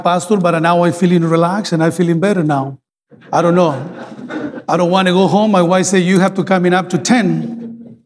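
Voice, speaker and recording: Preaching a fervent bilingual sermon, a middle-aged man with a Spanish accent speaks in an unusually high, darkish-toned voice, pleading and repeating his phrases. A long church-hall reverb trails after his words.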